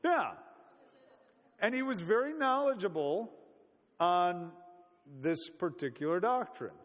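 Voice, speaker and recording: A man's voice: sits high, very animated, takes it slowly, in a large hall. A man preaching a sermon in a conversational, storytelling way, full of rhetorical questions.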